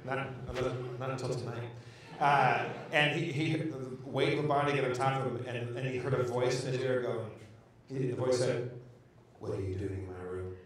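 A man's voice: mid-range voice, normal speed, slight background noise. A man co-hosting a live comedy show, telling a long profane story and acting out the voices in it. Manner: profane, animated, acts out voices in his story. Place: live show in a large echoey venue. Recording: echoey venue audio, distant mic.

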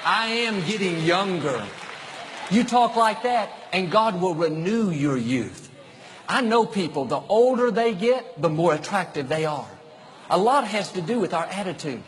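A man's voice: sits high, expressive, a little slow. A middle-aged male pastor giving an upbeat sermon full of repeated declarations.

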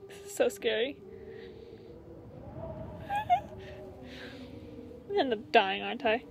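A woman's voice: on the high side, fast talker, vocal fry, background noise. A young woman playing a horror game with commentary, jumpy, exclamatory and talkative. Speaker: gamer.

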